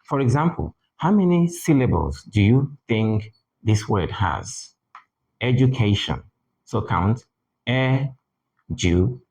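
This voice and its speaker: A man teaching English pronunciation in a deliberate manner, repeating key words for emphasis. English is not his first language. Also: on the low side, big pitch swings, vocal fry, darkish tone, husky, low-quality recording. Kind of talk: spoken lesson.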